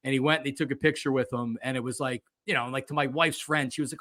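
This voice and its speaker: Speaking fast at a medium pitch with no room sound, this ex-sports-radio man hosts a podcast. The sports chat is relaxed, and he tells animated stories, acts out what people said, and fills gaps often.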